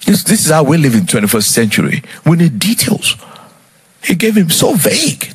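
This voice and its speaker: A man's voice: medium pitch, huge pitch swings, normal speed, slightly rough. A man preaching a sermon, retelling a scripture story dramatically and putting rhetorical questions to his listeners.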